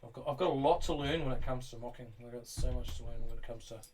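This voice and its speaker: A man's voice: medium pitch, fast. A man streaming live, chatting casually with his viewers while he builds, swearing freely and calling people bro and mate. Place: indoors at home during rain. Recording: distant mic with faint background noise.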